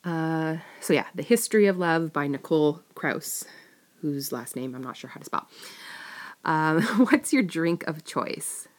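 A woman's voice: low voice, expressive, unhurried. A young woman chatting casually to camera, rambling and giggling as she answers tag questions. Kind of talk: casual chat.

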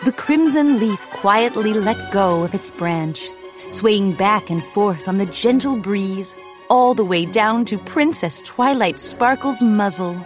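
A woman reading a children's audiobook aloud in a lively, expressive storytelling manner, recorded close in a studio. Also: medium pitch, takes it slowly, soft background music. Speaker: audiobook narrator. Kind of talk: scripted children's audiobook narration. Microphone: close studio mic, dry.

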